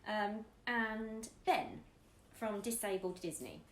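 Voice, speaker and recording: A woman's voice: animated, takes it slowly, roomy sound, a little hiss or hum. A woman, a YouTube vlogger, chatting casually and giggling as she answers tag questions with her partner. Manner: chatty and giggly, drifting up and down in pitch.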